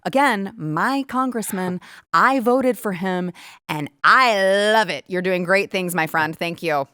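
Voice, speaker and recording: A woman's voice: mid-range voice, bright, forceful tone, no echo, clean studio sound. Emphatic American woman hosting commentary. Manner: emphatic, fast, pushes her points hard. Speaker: host. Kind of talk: opinionated political commentary.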